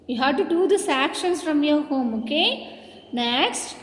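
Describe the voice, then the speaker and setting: A woman's voice: high-pitched, lively intonation. A woman teacher leading a lesson for young children, drawing out each word with emphasis. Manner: drawn-out, emphatic word-by-word delivery, calls children "my dear children". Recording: echoey room with long reverb.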